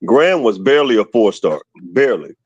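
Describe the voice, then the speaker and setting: A man from Alabama calling in to a football show, arguing about recruiting in an animated, opinionated way. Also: medium pitch, a little fast, breathy edge, no echo, muffled recording. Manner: animated, argumentative about team stats. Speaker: caller. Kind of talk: casual call-in chat.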